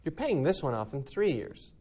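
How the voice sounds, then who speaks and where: Male math teacher, upbeat and animated, voice on the higher side. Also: normal speed. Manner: upbeat, checks in with "right?". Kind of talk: recorded math lesson.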